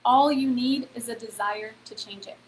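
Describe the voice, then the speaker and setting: A woman's voice: fairly high pitch, moderate pace, a little hiss or hum, poor audio. A woman hosting a casual live-stream motivational talk, chatty, with lots of "like" and "okay?" and talking straight to her viewers. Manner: chatty, heavy on "like" and "okay?", addresses viewers directly. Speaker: host of a free online event.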